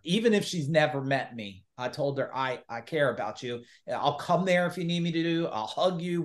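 Emphatic middle-aged male business coach. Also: on the high side. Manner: animated, emphatic, acts out quoted dialogue. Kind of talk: podcast interview storytelling.

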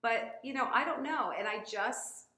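A woman's voice: a little high, normal speed, sharp tone. A woman guest in a casual chat, talking in a rambling, emotional way with many fillers and laughs. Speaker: guest, gym member sharing her story. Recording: roomy echo.

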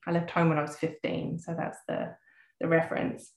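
A woman speaks slowly and thoughtfully as a podcast guest, reading a personal letter aloud. Her voice is heartfelt and sometimes emotional. The room adds a clear echo. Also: on the low side, fairly even intonation.

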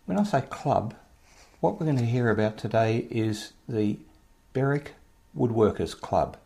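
A man's voice: mid-range voice, unhurried, vocal fry. A man with an Australian accent hosting a show, chatting to listeners and interviewing a guest. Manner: chatty, relaxed, talks straight to listeners. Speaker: podcast host and interviewer. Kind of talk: casual introduction and interview.

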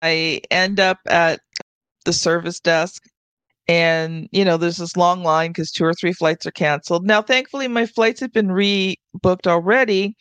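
A woman's voice: lowish voice, measured pace, clean tone, dry recording. Woman host chatting in a dry recording. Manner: chatty, relaxed anecdotes. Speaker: podcast host. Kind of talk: casual conversational chat.

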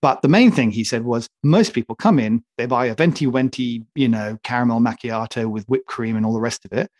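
A man's voice: mid-range voice, brisk, a little mellow, no room sound. A man on a casual talk show, ranting with comic indignation and heavy emphasis. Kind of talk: casual opinionated chat.

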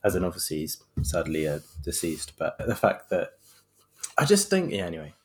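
Man, thirties, podcast host, sarcastic, rambling, very animated pitch. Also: normal speed. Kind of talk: casual podcast commentary.

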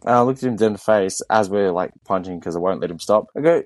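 Blunt, fast-talking fitness coach man. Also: fairly low pitch, no echo. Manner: blunt, swears a lot, acts out quotes. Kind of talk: casual podcast chat.

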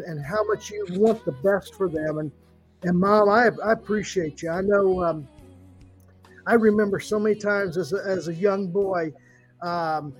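A middle-aged man co-hosting a podcast, telling family stories in a halting, emotional way with many fillers. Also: high-pitched, low-quality recording. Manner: warm storyteller, halting with fillers, tearful at times. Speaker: podcast co-host. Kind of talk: heartfelt podcast tribute.

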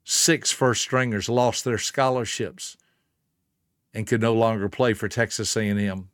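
Man, mid-pitched, earnest motivational storyteller, dry close sound. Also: fairly even intonation, a little slow, clean tone, no echo. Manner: earnest, emphatic, speaks directly to listener. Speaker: motivational speaker.

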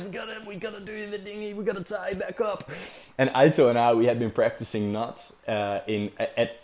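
A man's voice: fairly low pitch, darkish tone. A young man casually telling a story as a vlogger, rambling with lots of fillers and swearing. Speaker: vlogger recounting a sailing trip.

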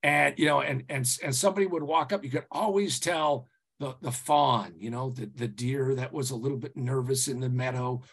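Husky, rambling male podcast guest. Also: medium pitch, normal speed. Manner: rambling, animated, frequent "you know" and restarts, swears casually. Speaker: business consultant guest. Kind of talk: podcast interview storytelling.

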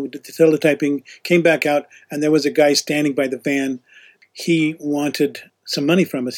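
A man telling a long, rambling travel story in a casual way, acting out what people said. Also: on the high side. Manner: rambling anecdotal storyteller, voices quoted people. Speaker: former teacher leading a student trip.

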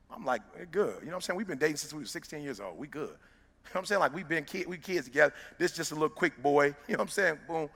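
A man's voice: medium pitch, creaky, pushed and bright. A man who works as a motivational speaker talks straight to a live audience in an emphatic, preacher-like way. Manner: emphatic, preacher-like, direct address to listeners. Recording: long reverb of a large hall.

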